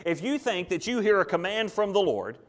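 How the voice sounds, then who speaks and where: A man's voice: sits high, sing-song, normal speed. Emphatic man preaching a sermon. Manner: emphatic, rhetorical questions. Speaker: pastor.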